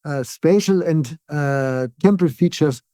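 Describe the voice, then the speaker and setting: Higher-voiced man explaining with tag questions. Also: no echo, clean studio sound. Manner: tag "yeah?" questions, frequent restarts, calm and deliberate. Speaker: neuroscientist guest. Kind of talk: conversational interview explanation.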